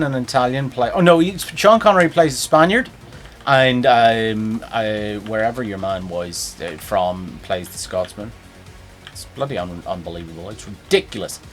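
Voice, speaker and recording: A man streams a game, chatting and joking casually in a playful, rambling way. His mid-range voice moves at a moderate pace, with faint music in the background.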